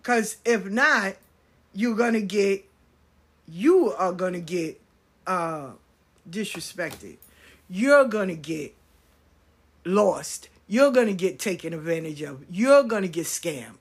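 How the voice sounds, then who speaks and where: A woman's voice: mid-range voice, animated, measured pace, breathy edge. A woman who reads spiritual cards, ranting to her viewers in a blunt, profane, emphatic way. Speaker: spiritual card reader. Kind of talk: casual rant to viewers.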